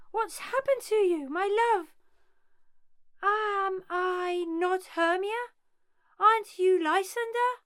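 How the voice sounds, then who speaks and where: Woman playing Hermia, heartbroken young woman, pleading and distraught, very high voice.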